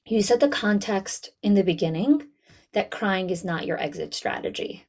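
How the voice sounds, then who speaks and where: A woman coaching school leaders in an online town hall, talking directly and lively to her audience. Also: medium pitch, normal speed. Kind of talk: webinar talk.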